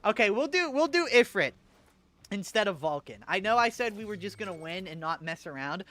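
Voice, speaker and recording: A man's voice: high voice, big pitch swings, brisk, sharp tone, no room sound. A young man streaming a game, chatting casually with his chat, joking and swearing and laughing at his own bits. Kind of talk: casual gaming livestream chat.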